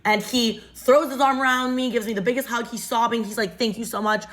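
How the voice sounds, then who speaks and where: A woman's voice: on the high side, fairly even intonation, brisk. A young adult woman casually retelling a dramatic personal story in first person, storytime style. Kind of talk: storytime narration.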